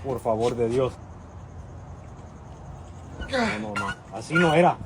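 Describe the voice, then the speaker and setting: A man's voice: medium pitch, very animated, a little slow. A man playing an impatient, bossy uncle who scolds and swears at his nephew, with a Mexican Spanish accent, in a comedy sketch. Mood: scolding. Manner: scolding, swearing, barking orders. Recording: noisy background ambience.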